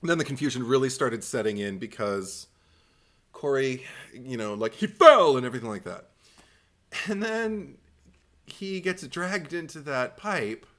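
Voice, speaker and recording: A man hosting a casual film podcast, animated and swearing freely, acting out scenes as he talks. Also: mid-range voice, a little slow. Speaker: podcast host. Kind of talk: casual film review chat.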